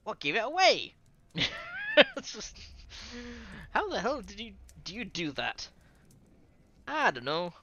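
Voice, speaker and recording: Giggly host, bright lively voice, reads games aloud. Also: medium pitch, normal speed, pauses often. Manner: giggly, joking. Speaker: let's-read host. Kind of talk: casual commentary.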